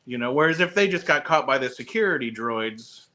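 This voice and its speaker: A man's voice: medium pitch, lively intonation, brisk, bright, forceful tone, a little hiss or hum. A man co-hosting a casual chat, thoughtful and hedging with "you know". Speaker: podcast co-host. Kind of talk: casual after-show chat.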